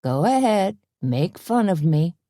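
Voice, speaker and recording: Woman narrator doing a dopey country husband: slangy, goofy, low and mellow. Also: big pitch swings, slow, no room sound, clean studio sound. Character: dim-witted drawling man with a broken leg.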